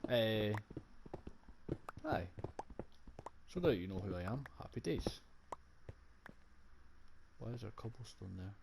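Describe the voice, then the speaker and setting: A young man with a Scottish accent rambles through a casual gaming vlog, joking and swearing as he goes. His voice sits fairly low, and loud noise runs behind it the whole time. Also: expressive, moderate pace, vocal fry, long pauses. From Scotland. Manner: rambling, profane, jokey. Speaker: gaming vlogger. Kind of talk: casual chat while playing a game.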